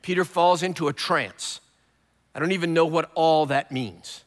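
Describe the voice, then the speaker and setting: A man preaching a sermon as a guest preacher, telling the story in a lively way with humor. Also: fairly high pitch, normal speed, big-room sound.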